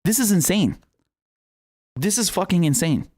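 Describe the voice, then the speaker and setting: Young male commentator, fairly high voice, swears a lot, heated and sarcastic rant. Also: unhurried. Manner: profane, animated, sarcastic rants. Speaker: political commentator.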